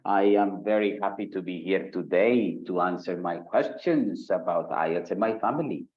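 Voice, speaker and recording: A man's voice: low voice, moderate pace, muffled recording, lightly acted. A man putting on a heavy Paisa Spanish accent to caricature a nervous test-taker speaking English. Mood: cheerful. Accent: Paisa Spanish, put on.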